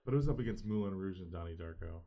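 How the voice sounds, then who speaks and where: A man chatting as a podcast guest, telling rambling anecdotes in an animated way. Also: low voice, very fast, lo-fi sound. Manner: animated anecdotes, acts out quotes; loose, rambling with fillers. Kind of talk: casual storytelling chat.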